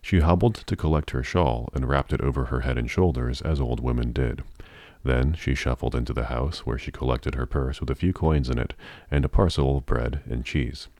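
A man narrating a novel in a measured, even storytelling manner. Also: rumbling low, gravelly, dry recording, clean studio sound. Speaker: audiobook narrator.

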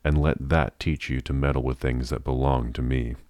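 A man's voice: rumbling low, steady tone, normal speed, darkish tone, no echo, clean studio sound. A man reading the lines of a haughty, commanding witch with a musical, scornful voice in a storybook. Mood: cold triumph. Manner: scornful, cutting.

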